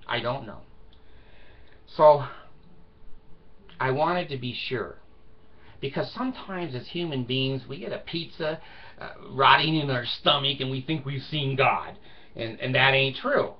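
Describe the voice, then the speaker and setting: Older male vlogger, mid-pitched, profane and emphatic storyteller, dull lo-fi sound. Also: unhurried, pauses often. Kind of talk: casual storytelling monologue.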